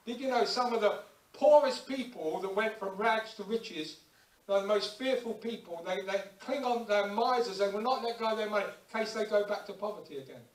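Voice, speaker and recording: A man preaching a lively sermon in a church, acting out little everyday scenes and prayers as he goes. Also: high-pitched, moderate pace. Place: church hall. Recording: echoey church hall, distant mic.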